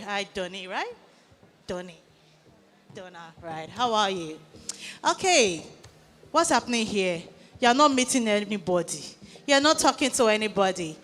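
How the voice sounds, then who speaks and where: A woman's voice: mid-range voice, expressive, moderate pace, fairly bright tone. A woman co-hosting a live event, upbeat and encouraging the audience to network. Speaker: event co-host. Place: large event hall. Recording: long hall reverb.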